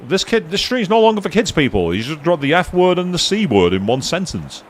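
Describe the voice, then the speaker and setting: A man's voice: a little high, very animated, a little fast, slight background noise. A man giving casual live commentary on a video game, chatting to viewers and swearing now and then. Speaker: let's play streamer.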